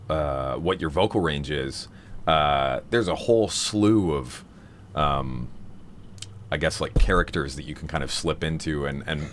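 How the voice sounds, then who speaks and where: Low-voiced man rambling on a live stream. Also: a bit bright, slight background noise. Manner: rambling, many fillers and restarts. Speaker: streamer hosting a vocal seminar. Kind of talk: casual live-stream chat.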